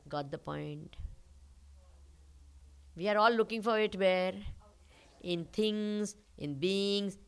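Indian spiritual teacher with lively, gravelly voice. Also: female voice, fairly low pitch. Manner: questioning, rhetorical, uses call-and-response. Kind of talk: spiritual talk to a live audience.

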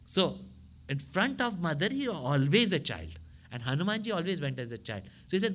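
A man, a spiritual teacher telling stories in a sermon with animated delivery and frequent tag questions to his listeners. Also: a little high, moderate pace. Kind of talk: storytelling sermon.

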